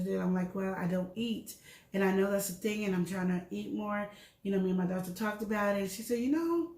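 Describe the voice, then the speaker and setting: Echoes fill the room as a middle-aged woman with a medium-pitched voice co-hosts an easygoing health discussion. She speaks frankly and acts out exchanges while recounting her stories.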